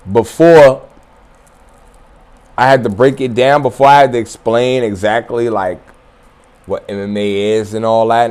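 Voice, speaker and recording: A man's voice: mid-range voice, darkish tone. A man hosting his own martial arts channel, talking loosely and profanely to viewers, chuckling and repeating points for emphasis. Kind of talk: casual solo monologue to viewers.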